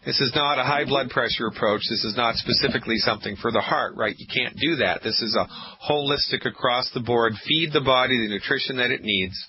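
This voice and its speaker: A man's voice: mid-range voice, brisk, hardly any pauses, husky. A man hosting a call-in radio health show, emphatic and preachy, repeating lines for effect. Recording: muffled lo-fi radio audio.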